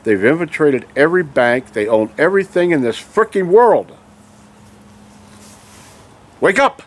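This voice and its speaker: Speaking in a sing-song voice on the high side at a normal pace, this vlogger delivers a furious monologue to camera. He stays heated and emphatic, constantly checking in with "okay?"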